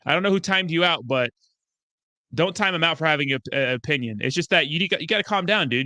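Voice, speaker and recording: A man with a forceful, bright, fairly high voice runs a crypto livestream. He talks back to his chat, profane and excitable. The sound is close and dry. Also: brisk, no echo. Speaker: crypto YouTuber host. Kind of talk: livestream commentary answering chat.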